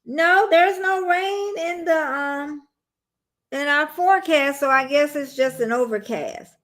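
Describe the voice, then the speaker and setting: A woman's voice: high-pitched, takes it slowly, a bit bright. A woman, chatting casually with viewers on a phone livestream, rambling and calling them y'all. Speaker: livestream host.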